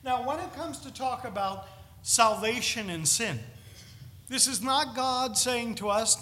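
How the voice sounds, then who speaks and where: Male preacher, high and bright, earnest expository sermon, reverberant hall. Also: measured pace.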